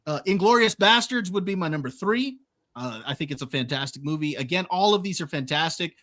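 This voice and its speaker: Man, podcast co-host, casual chat, animated, bright tone. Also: fairly high pitch, a little fast. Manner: animated, laughs often while retelling movie scenes.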